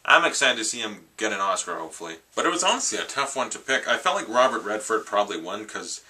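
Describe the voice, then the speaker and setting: A young man chatting casually about award winners, excitable and quick to swear, often restarting his sentences. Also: on the low side, recorded from a distance. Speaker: vlogger. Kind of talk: casual movie-awards commentary.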